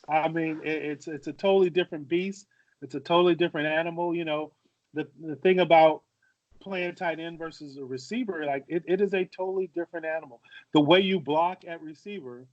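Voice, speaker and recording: A man's voice: on the high side, no echo. A man in his forties telling stories in casual podcast chat, often repeating and restarting phrases. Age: 40s. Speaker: podcast co-host, former football player. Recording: dull, dry lo-fi audio.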